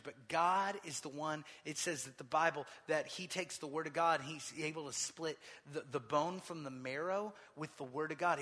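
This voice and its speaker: A man preaching a sermon as pastor. He moves from quiet personal storytelling into fervent, rising exhortation. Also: a little high, breathy edge, in a large hall.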